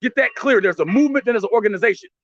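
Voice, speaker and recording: Fired-up fast-talking high-voiced man, blunt and profane. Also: expressive, fairly bright tone, dry recording, dull audio. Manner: impassioned, blunt, profane, stammering restarts. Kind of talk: heated street commentary.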